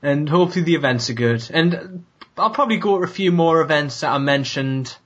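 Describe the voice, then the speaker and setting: A man with a Cockney accent chats on a podcast, animated and laughing often. His voice sits high and a touch husky. The recording is slightly dull and lo-fi. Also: a little fast. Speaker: podcast co-host. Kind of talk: casual chat.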